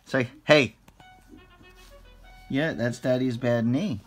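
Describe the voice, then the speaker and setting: A man's voice: mid-range voice, slow, faint music behind. A man filming his baby son at home, coaxing and teasing him in a playful way. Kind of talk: casual home video.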